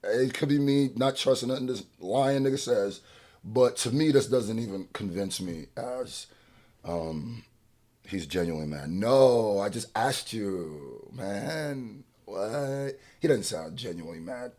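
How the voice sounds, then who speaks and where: A man giving casual, animated reaction commentary, talking back to the track. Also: fairly low pitch, measured pace. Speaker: reaction streamer.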